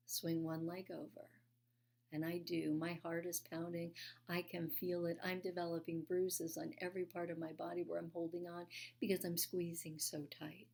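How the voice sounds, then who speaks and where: A woman giving a sermon, telling a personal story earnestly with frequent fillers and occasional hushed, soft-spoken moments. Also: fairly low pitch, flat delivery, moderate pace, vocal fry. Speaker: speaker at a spiritual church.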